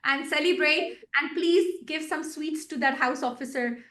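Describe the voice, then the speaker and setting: A woman's voice: high voice, normal speed, fairly bright tone, a little hiss or hum. A woman tutor hosting an online video call, encouraging and affectionate with her students. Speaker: course tutor hosting an online congratulations meeting.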